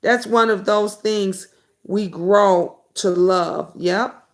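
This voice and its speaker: A middle-aged woman hosting a casual live stream, chatting with viewers by name and breaking into high, excited bursts. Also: extremely slow. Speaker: livestream host.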